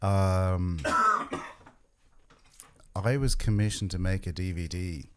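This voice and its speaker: A man's voice: low voice, slow, darkish tone, slight background noise. A man who is a guest on a podcast, chatting casually in a dry, easygoing, teasing way. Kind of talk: casual chat.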